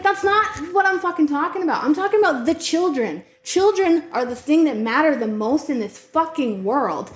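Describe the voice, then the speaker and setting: A woman's voice: sits high, expressive, fairly quick, few pauses, echoey room. A woman co-hosting a casual chat podcast, talking emphatically with lots of swearing, fillers and restarts. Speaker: podcast co-host.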